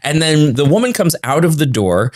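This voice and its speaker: A man co-hosting a podcast, telling a story in a casual, animated way and acting out the people in it. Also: a little high, moderate pace. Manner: acts out voices in his anecdotes, laughing, jumpy. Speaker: podcast co-host.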